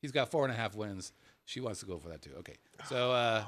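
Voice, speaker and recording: Animated, bright-voiced man co-hosting. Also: fairly low pitch, quick pace, a little hiss or hum. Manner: animated, playful, swings from loud to murmured asides. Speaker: co-host. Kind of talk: casual podcast banter.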